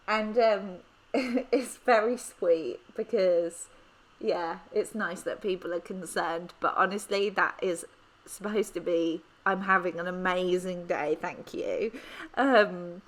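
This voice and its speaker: A woman's voice: medium pitch, a bit bright. A woman in her thirties from England with an English accent, chatting casually and rambling with many ums while she plans. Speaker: planner vlogger. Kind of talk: casual chat while planning.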